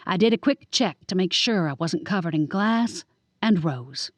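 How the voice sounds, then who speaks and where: A woman narrating a first-person audiobook in a lively, wry storytelling manner. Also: fairly low pitch, normal speed, no room sound, clean studio sound. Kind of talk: scripted narration.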